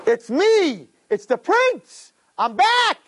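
A man voicing a young lost prince who pleads and shouts in a raised voice. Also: high voice, very animated, normal speed, pitched above the performer's own voice, full character voice. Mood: desperate.

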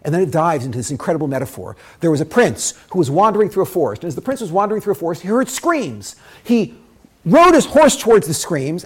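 A man teaching a Torah lesson through a dramatic story, swinging between loud bursts and hushed asides. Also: sits high, breathy edge.

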